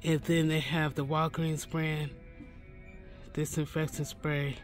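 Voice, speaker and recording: Man, vlogger, chatty, slow-talking, self-correcting, faint music behind in the store. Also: fairly high pitch, level tone. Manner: chatty, repeats prices and corrects himself. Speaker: shopping vlogger. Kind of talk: casual in-store shopping walkthrough. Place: inside a pharmacy store.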